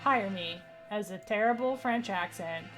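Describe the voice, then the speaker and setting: A woman's voice: mid-range voice, unhurried, fairly bright tone, soft background music. A young woman streaming a let's play, commenting in a playful, self-mocking way.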